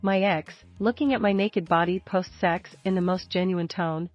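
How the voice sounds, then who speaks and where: Female narrator, lower voice, dull lo-fi sound, faint music, steady read of story posts. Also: moderate pace. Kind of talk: scripted narration of reader posts.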